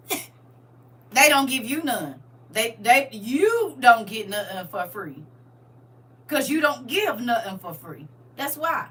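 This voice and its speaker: Bright-voiced woman chatting live with viewers. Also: on the high side, far from the mic. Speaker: livestream host. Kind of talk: casual live chat with viewers.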